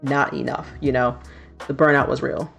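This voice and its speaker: A woman's voice: a bass voice, big pitch swings, moderate pace, gravelly, fairly bright tone, soft background music. A woman in her thirties, a streamer chatting casually and laughing often while doing her nails. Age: 30s.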